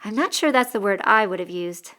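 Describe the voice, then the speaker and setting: A woman portrays a kindly sister in an audiobook, soft and coaxing, with a teasing edge. The voice sits in a mid range close to the reader's own. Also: medium pitch, expressive, a little fast. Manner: gentle and coaxing. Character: gentle, teasing young woman, older sister.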